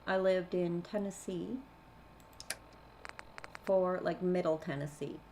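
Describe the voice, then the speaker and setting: A woman's voice: lowish voice, slow pace, slight background noise, rough recording. A woman in her thirties from Canada with a Canadian accent, chatting casually and reading viewer chat aloud while she plays a game. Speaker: game streamer. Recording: loud game sound behind voice.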